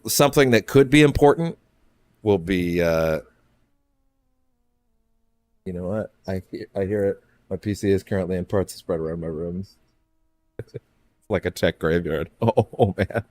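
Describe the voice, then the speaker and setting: Low-voiced rambling streamer guy. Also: a little mellow. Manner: rambling, swears and laughs often. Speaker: game streamer. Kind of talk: casual let's-play commentary.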